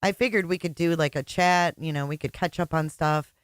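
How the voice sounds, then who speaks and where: A woman's voice: low voice, fairly even intonation, brisk, clean tone, no room sound. A middle-aged woman hosting a casual livestream chat, emotional and teary, greeting viewers by name. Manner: emotional, chatty, reading out viewer names. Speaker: livestream host.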